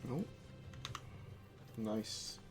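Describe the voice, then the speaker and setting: A man streaming a video game live, chatting in a rambling, distracted way with plenty of asides. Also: very slow. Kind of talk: live-stream chat while gaming. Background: faint music.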